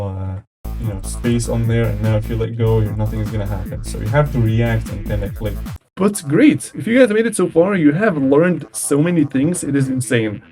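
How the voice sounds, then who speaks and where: A man's voice: mid-range voice, dark tone. A man casually talking through a game editor tutorial in a chatty, upbeat way, with lots of fillers and sound effects said aloud. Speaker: tutorial host.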